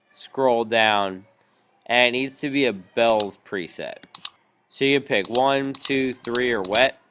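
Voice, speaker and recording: A man teaching a music software tutorial, explaining each step patiently with frequent ums. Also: fairly low pitch, slight background noise. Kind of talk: screen-recorded software tutorial.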